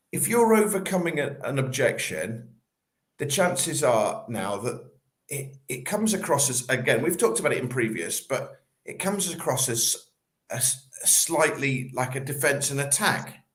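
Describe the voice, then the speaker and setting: Animated man coaching on sales. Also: mid-range voice, a little slow, echoey room. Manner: animated, acts out little scenes in quoted voices. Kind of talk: casual podcast talk.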